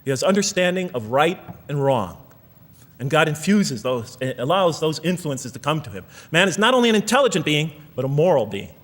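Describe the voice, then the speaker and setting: A man's voice: on the high side, very animated, brisk, fairly bright tone. An American man giving a reflective lecture, reading out verses and explaining them while thinking aloud and rephrasing himself. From United States. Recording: long hall reverb.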